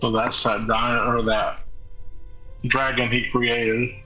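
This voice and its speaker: A man's voice: medium pitch, level tone, slow, sharp tone, husky, faint music behind. A man playing a tabletop game, stating his character's actions plainly. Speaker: player. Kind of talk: casual tabletop game play. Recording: dull lo-fi audio.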